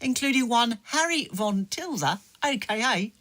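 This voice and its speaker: A woman's voice: a little high, expressive, unhurried, fairly bright tone. A woman playing Arthur, a pedantic Cockney brother who co-hosts a comedy podcast, bantering in a put-on Cockney accent. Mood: knowing. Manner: lecturing, pedantic, dry banter. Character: cheeky know-it-all Cockney man, Arthur. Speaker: podcast co-host.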